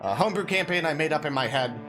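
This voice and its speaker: A man from the Midwest, the game master, wrapping up a session in a relaxed, hesitant way. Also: a little high, fast talker, music in the background. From Midwest United States. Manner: hesitant, lots of uhs, relaxed. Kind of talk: casual tabletop game narration.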